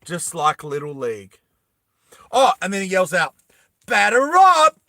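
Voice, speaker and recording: A young man casually recapping a movie plot, animated, laughing often and acting out the scenes. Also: fairly high pitch, moderate pace, no echo. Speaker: storytelling vlogger.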